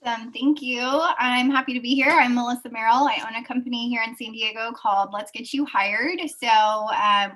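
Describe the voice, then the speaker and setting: A woman's voice: fairly high pitch, a bit bright, low-quality recording. A woman who owns a business, giving an upbeat, conversational online presentation over a video call. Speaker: guest speaker, business owner.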